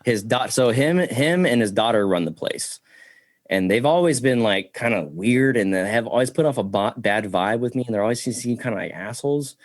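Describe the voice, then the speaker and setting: Brief: slightly buzzed male guest, profane and animated, mid-pitched, dry close sound. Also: normal speed, dry recording. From Bakersfield, California. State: a bit tipsy. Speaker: guest, delivery driver. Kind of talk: casual podcast storytelling.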